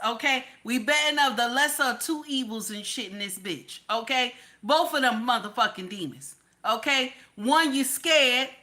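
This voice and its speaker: Bright, forceful and pitched a little high, this commentary host's voice carries a blunt, profane, casual rant. She repeats her lines to hammer each point.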